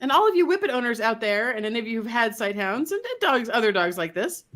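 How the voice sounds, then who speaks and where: A woman dog trainer, a guest on an interview, explaining her method in a casual, animated way and slipping into voices for dogs. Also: fairly high pitch, fast.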